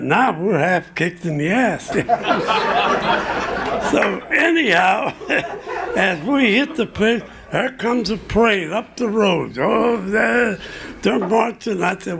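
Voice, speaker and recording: A man's voice: high-pitched, lively intonation, gravelly, noisy background. An older man, a veteran, telling a rambling war anecdote at a live storytelling event, chuckling as he goes. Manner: chuckling, rambling, slow delivery. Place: restaurant event room.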